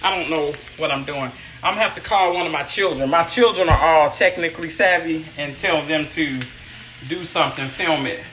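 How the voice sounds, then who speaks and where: A woman's voice: deep voice, moderate pace. Chatty middle-aged woman cook, livestreaming from an echoey home kitchen with a hissing pan behind her. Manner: chatty, talks to viewers by name, self-teasing. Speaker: chef hosting a home cooking stream. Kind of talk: live-streamed cooking demo, casual chat. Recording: echoey kitchen with loud sizzling. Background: sizzling skillet.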